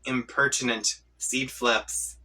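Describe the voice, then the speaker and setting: A man's voice: mid-range voice, steady tone, slow pace, bright, forceful tone, far from the mic, heavily acted, poor audio. A man reading a comic aloud, voicing an irritable young male troll leader who rants in prickly bursts. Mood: ranting. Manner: prickly, ranting.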